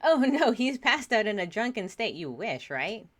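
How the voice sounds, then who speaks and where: A woman's voice: medium pitch, big pitch swings, moderate pace. A woman casually commenting on a game she streams, chatty and self-deprecating with frequent laughs.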